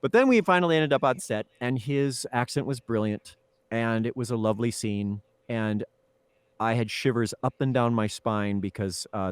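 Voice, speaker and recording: A man, a film actor, telling lively anecdotes in a casual interview, with chuckles and restarts. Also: on the low side, clear, resonant tone, dry recording.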